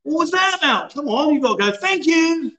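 A man's voice: very high voice, lively intonation, brisk, pushed and bright, roomy sound. A man in his fifties hosting a casual livestream from a bar, bantering, laughing and reading out viewer comments. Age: 50s. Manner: jokey, laughing, chatty banter. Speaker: livestream host. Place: bar in a city.

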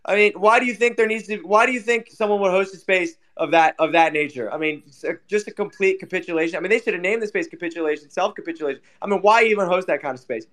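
High-pitched ranting, swearing man. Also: fast, few pauses, a bit bright. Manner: ranting, heavy swearing, repetitive fillers. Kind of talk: casual chat on an audio stream.

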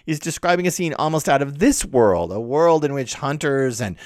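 A man lectures on a text with animated, incredulous energy. He fires off rhetorical questions, his pitch swinging widely from low asides to high exclaims. The sound is dry and close, with no room around it. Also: moderate pace, dry recording. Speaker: literature lecturer. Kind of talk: explanatory lecture.

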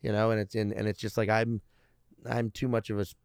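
A man's voice: fairly low pitch, level tone, brisk, vocal fry, darkish tone, smooth, dry recording, clean studio sound. Profane, rambling man in his thirties. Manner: profane, rambling, restarts often. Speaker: stand-up comedian guest. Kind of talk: casual podcast storytelling.

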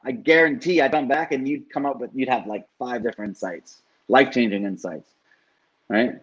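A man's voice: medium pitch, lively intonation, quick pace, breathy edge, lo-fi sound. A man who works as a life coach, talking casually and animatedly, swearing now and then and often asking "right?". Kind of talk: casual podcast conversation.

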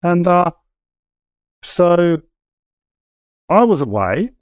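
Drawing out his words, a middle-aged man with a high-pitched voice and big pitch swings tells his story as an interview guest. His candid, casual account is full of hesitations and restarts, and the audio has no echo.

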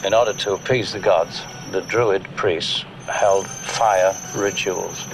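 An actor playing a grave older doctor who explains ancient rituals in a measured, ominous way, heard in film audio. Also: male voice, sits low, fairly even intonation, vocal fry, full character voice. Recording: film audio with background noise.

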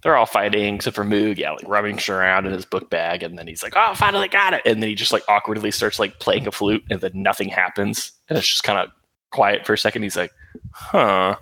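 A man's voice: lowish voice, fairly even intonation, fast, sharp tone, no echo, rough recording. A young man from West Virginia co-hosting a podcast, chatting casually and laid-back about a book, swearing and laughing often. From West Virginia, USA. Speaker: podcast co-host.

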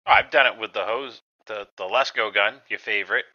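A man's voice: on the low side, brisk, pushed and bright, muffled recording. A man co-hosting a call-in show, telling wry stories from his work.

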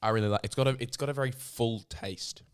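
A man's voice: mid-range voice, fast, smooth, no room sound. A young man, a podcast co-host in casual chat, laid-back and joking, laughing often. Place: home room. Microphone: podcast mic.

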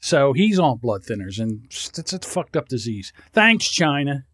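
A man's voice: mid-range voice, sing-song, moderate pace, a little mellow, breathy edge, no room sound, clean studio sound. A man co-hosting a podcast, rambling and swearing freely, often laughing. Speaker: podcast co-host. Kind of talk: casual podcast banter.

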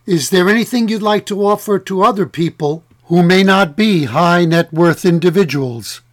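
A man from New York hosting an interview, asking questions in a warm, encouraging way. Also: sits high, normal speed, no room sound, studio quality. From New York, USA. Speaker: podcast host. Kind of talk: interview conversation.

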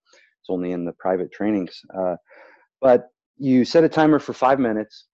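A man who works as a speaking coach, explaining an exercise calmly in a casual podcast chat. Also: on the low side, dry recording, dull audio. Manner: explains calmly, acts out worried and excited self-talk in demonstrations.

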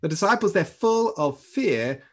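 A man preaches a sermon, telling the story with energy and turning often to address his listeners directly. His voice sits a little high for a man and has a husky, breathy edge. He is a pastor speaking to his church. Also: unhurried. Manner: storytelling, animated, talks directly to the congregation. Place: church service streamed online.

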